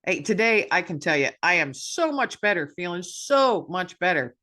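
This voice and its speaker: Brief: woman podcast host, candid self-deprecating monologue, bright forward tone. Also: lowish voice, very animated, normal speed. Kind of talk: personal reflection monologue.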